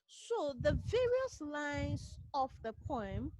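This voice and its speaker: Ghanaian woman literature teacher, high voice, repetitive call-and-answer lecturing. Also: big pitch swings, slow pace, a little mellow, no room sound, low-quality recording. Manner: asks rhetorical "what?" questions and answers them herself; repetitive, drilling key points. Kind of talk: online class lecture. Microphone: computer mic on a video call.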